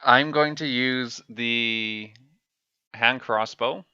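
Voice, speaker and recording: A man's voice: medium pitch, very slow, bright, forceful tone, smooth, dry recording. A man playing in a casual tabletop game, methodically working through his attack rolls aloud. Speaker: player. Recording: dull dry lo-fi mic.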